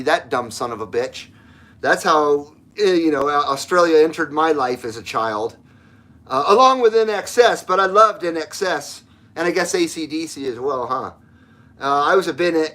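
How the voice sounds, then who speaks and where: A man's voice: fairly high pitch, fairly bright tone. A middle-aged man hosting a casual live stream, reading viewers' messages aloud and answering bluntly, with frequent swearing and laughter. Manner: blunt, profane, laughs often.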